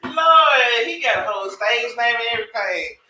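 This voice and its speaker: Expressive co-host, bright swinging voice. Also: mid-range voice. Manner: expressive, exclaiming, quick to laugh. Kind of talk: casual chat. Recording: roomy echo.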